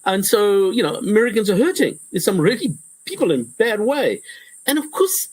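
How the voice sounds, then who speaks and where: A male professor answering interview questions in a lively conversational way, often restarting sentences and acting out quotes. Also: sits high, normal speed, dry recording, poor audio. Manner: animated, repetitive restarts, acts out quotes.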